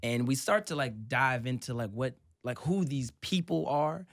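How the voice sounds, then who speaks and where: A man's voice: medium pitch, moderate pace, dry recording, studio quality. Laid-back joking man with a mid-range voice. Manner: relaxed, joking, many fillers like "you know". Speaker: actor on a TV cast panel. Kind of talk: casual interview chat.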